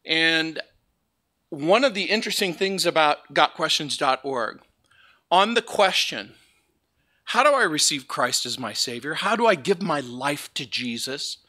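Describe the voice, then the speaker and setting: A man preaching from the pulpit in a bright, forceful voice, pitched a little high. He mixes playful stories with scripture, and the sound carries in a church sanctuary. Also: unhurried. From Southern California. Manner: joking, lively storytelling. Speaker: pastor. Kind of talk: sermon.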